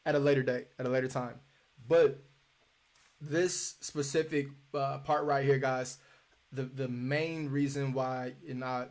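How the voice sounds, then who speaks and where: A man's voice: medium pitch, a little mellow. Casual man coaching cold calls. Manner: casual, repetitive, acts out sample phone calls. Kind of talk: live teaching session.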